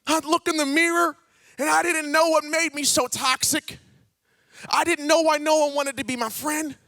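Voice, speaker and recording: A man telling a personal testimony in church, a dramatic storyteller who swings between hushed tones and shouting. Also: very high voice, steady tone, normal speed, no echo, studio quality. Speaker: guest speaker.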